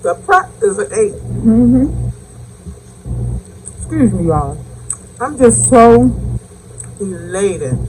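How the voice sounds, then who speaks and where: A woman's voice: mid-range voice, sing-song, drawn-out words, long pauses, darkish tone, slight background noise, rough recording. A woman hosting a casual cooking vlog, tasting her dish and talking effusively to viewers, with savoring hums between bites. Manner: effusive, calls viewers baby and y'all; savoring mm sounds while eating. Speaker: home cook and channel host.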